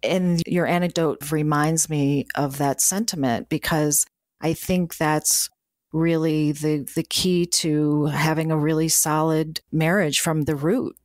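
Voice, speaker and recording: A woman's voice: low voice, fairly even intonation, takes it slowly, a little mellow, no room sound, clean studio sound. A middle-aged woman hosting an interview, answering her guest with affirming, personal reflections. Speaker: podcast host. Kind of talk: conversational interview.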